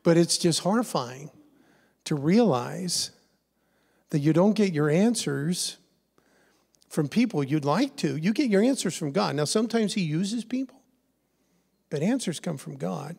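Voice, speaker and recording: A middle-aged male pastor preaching with lively energy, calling on the congregation to answer him. His voice sits a little high for a man. It rings out through a church hall with a long reverb tail. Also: a little slow, vocal fry, long pauses, breathy edge. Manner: animated, leads call-and-response with the congregation. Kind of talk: sermon. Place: church sanctuary.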